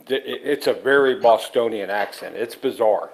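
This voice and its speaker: A man in a casual group conversation, telling anecdotes in a chatty way. His voice sits at a middle pitch for a man. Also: moderate pace, creaky, low-quality recording.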